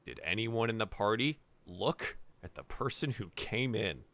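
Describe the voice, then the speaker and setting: A man's voice: lowish voice, big pitch swings, measured pace, vocal fry, a bit bright, dry recording. A man narrating a tabletop game as dungeon master, casual and full of fillers.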